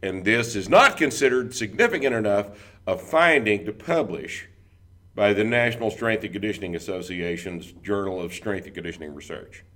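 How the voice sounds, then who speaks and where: A man's voice: on the low side, animated, moderate pace, pushed and bright. A man hosting an interview, with sardonic asides about the topic. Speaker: podcast host. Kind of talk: casual interview chat.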